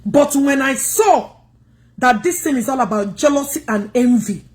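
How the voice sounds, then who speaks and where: A woman's voice: high-pitched, expressive, moderate pace, darkish tone. A woman with a Nigerian Igbo accent, scolding her livestream viewers in a combative rant.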